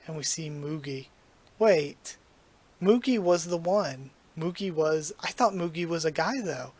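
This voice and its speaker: A man reacting to a manga as he reads it through, excited and gushing, emotional and near tears, tripping over his words. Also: a little high, a little slow.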